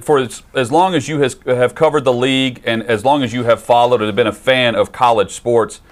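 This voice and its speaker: A man's voice: medium pitch, a bit bright. Man hosting, asking a rambling question. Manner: joking, then asks long rambling questions. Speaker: radio host. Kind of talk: casual radio talk.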